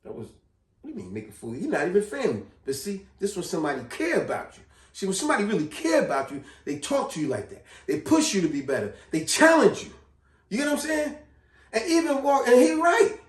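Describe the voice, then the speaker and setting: Animated man telling a story. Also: sits high, quick pace. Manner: animated, slangy, repeats himself. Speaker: vlogger. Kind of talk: casual storytelling. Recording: echoey room, distant mic.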